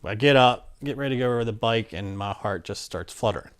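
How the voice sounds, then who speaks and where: A man telling a personal story in a casual, animated way, with many fillers and restarts and acted-out quotes. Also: medium pitch, fast. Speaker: interviewee telling his story.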